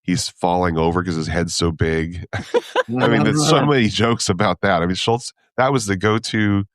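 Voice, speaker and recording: A man's voice: low voice, normal speed, no room sound, clean studio sound. A man co-hosting a podcast, talking easily, thinking aloud and laughing often. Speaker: podcast co-host. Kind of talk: casual chat about comic strips.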